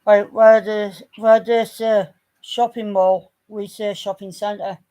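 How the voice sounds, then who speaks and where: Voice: mid-range voice, level tone, dark tone. A vlogger, chatting casually in a blunt, teasing way. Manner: blunt, teasing, quick to jab. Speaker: family channel vlogger. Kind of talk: casual chat.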